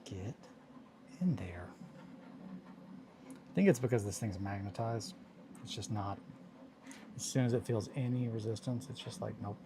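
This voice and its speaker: A man's voice: lowish voice, unhurried, long pauses, background noise. A man hosting a casual hobby livestream, talking to himself and coaxing tiny parts into place as he builds miniatures. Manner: mutters and coaxes at fiddly parts, self-talking.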